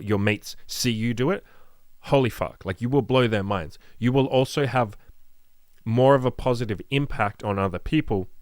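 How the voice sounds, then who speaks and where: A man's voice: fairly low pitch, fairly bright tone, no echo, clean studio sound. A man coaching on dating in a casual monologue, blunt and profane, rambling with lots of "like" and speaking frankly. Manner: frank, matter-of-fact delivery.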